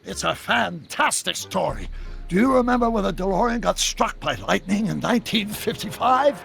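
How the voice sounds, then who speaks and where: An actor playing an eccentric older male scientist in a video game, animated and full of technical talk. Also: high-pitched, moderate pace, creaky, heavily acted. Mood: fond. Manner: animated, talks in long technical run-ons. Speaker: time-travelling inventor. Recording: video game audio with faint background music.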